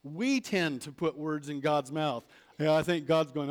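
A man preaching a sermon as a pastor, animated, acting out prayers and replies. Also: a little high, measured pace.

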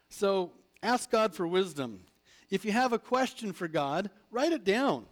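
A man preaching a sermon as a pastor, animated, acting out prayers and replies. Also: high voice, unhurried.

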